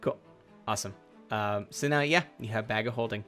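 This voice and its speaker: A man's voice: on the low side, fairly quick, fairly bright tone, soft background music. A man running a tabletop game as game master, casual and chatty. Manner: casual, chatty, many fillers.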